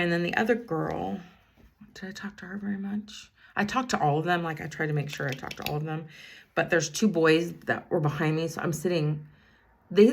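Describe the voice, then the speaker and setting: A woman in her fifties who drives a school bus chats casually while doing her makeup, rambling through a story and stopping to talk about her eyeliner. Her voice is deep and creaky.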